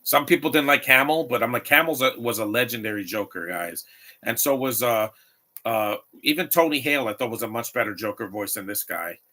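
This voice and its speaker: Opinionated man with a bright, forceful voice. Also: mid-range voice, a little fast. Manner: opinionated, rambling, frequent restarts. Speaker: movie commentator. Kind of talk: live watch-along commentary.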